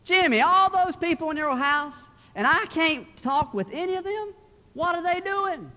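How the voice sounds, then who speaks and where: A man voicing an eager, insistent male telemarketer who fires off loud questions, in an echoey hall. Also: very high-pitched, expressive, moderate pace, pitched above the performer's own voice, exaggerated voice.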